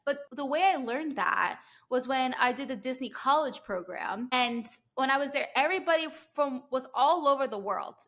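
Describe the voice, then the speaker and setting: A young woman from New Jersey with a New Jersey accent, hosting a podcast and telling stories in an animated way, full of "like"s and quick laughing asides. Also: sits high. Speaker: podcast host. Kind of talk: casual interview chat.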